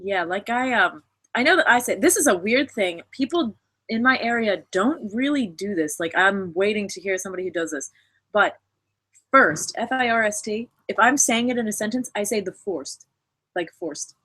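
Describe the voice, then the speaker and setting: A woman's voice: medium pitch, animated, moderate pace, pushed and bright. A young American woman in casual live chat, talkative and playful. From United States. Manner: talkative, playful, switches into German. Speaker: guest.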